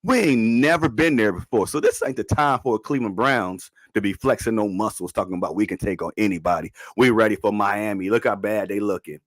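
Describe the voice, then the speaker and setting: Animated man with slangy talk. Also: fairly low pitch, brisk, few pauses, no echo, clean studio sound. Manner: animated, slangy, repeats himself. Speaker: podcast host. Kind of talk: casual sports talk.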